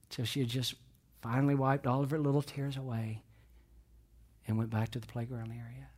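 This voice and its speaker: A pastor preaching a sermon, telling a story and swinging between loud emphasis and near whispers, often repeating phrases. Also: male voice, mid-range voice.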